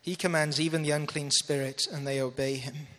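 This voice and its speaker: Male preacher, earnest and bright, slightly high voice, hall reverb. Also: steady tone, brisk. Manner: earnest, asks audience to follow along. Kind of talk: sermon.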